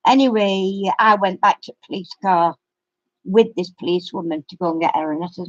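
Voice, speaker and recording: A woman's voice: lowish voice, a little fast, dry recording. A middle-aged woman, telling a long story in a casual live-stream chat. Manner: rambling storyteller. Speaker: craft channel host. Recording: dry, muffled lo-fi sound.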